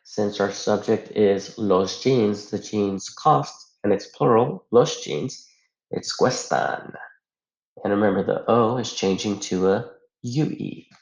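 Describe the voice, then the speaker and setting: A man's voice: lowish voice, measured pace, creaky, hardly any pauses, a little mellow. A man teaching a Spanish grammar lesson, explaining patiently step by step and asking rhetorical questions. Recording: echoey room, dull lo-fi sound.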